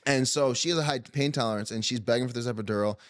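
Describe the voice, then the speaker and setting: A man's voice: mid-range voice, fast. A man hosting a podcast, telling a story in a loose, joking casual chat. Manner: loose and joking, heavy use of "like". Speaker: podcast host.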